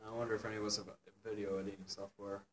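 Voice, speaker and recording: A man's voice: fairly low pitch, flat delivery, very fast. A young man reacting with dry, sarcastic quips in casual chat. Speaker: co-host reacting. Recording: noticeable background noise.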